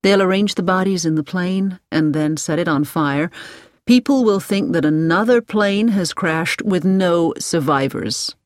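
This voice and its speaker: A woman reading the lines of a cheerful young American man who speaks in a friendly, calm way. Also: fairly low pitch, measured pace, dry recording, studio quality, lightly acted.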